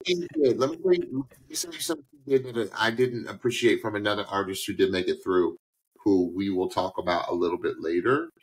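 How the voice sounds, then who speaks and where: A man co-hosting a podcast, talking in an animated, opinionated way about singers' performances. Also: on the low side, brisk, breathy edge, poor audio. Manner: animated, opinionated, drifts into a put-on New York accent. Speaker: podcast co-host. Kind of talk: casual chat reviewing a singing show.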